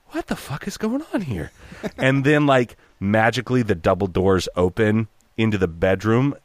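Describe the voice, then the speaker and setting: A man from Oregon, a voice actor, telling a story in an animated, profane way and slipping into character voices. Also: low-pitched, no echo. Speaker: guest voice actor. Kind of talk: casual storytelling.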